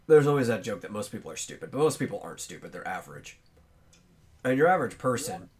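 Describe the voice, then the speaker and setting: A man with a lowish voice hosts a casual podcast and talks his ideas through as he goes. He pauses often and fills the gaps with ums and likes. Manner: thinks aloud with long pauses and fillers; chews on bread while talking. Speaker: podcast host.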